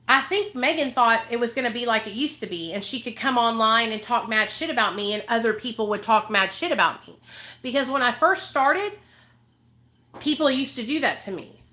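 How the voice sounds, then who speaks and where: High bright-voiced woman ranting. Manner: angry, profane, emphatic, repeats points. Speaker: recovery advocate vlogger. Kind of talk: heated rant to camera.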